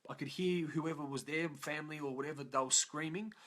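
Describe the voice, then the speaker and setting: An Australian motivational vlogger with a slightly high, fairly bright voice talks briskly. He tells his own story in a raw, emotional, profane confessional style, frequently tagging on "yeah?"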